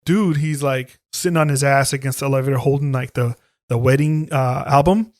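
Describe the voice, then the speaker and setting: In casual podcast chat, a co-host animatedly walks through a horror movie's plot, voicing the characters and swearing plenty. He speaks briskly in a mid-range voice, with clean studio sound and no room sound.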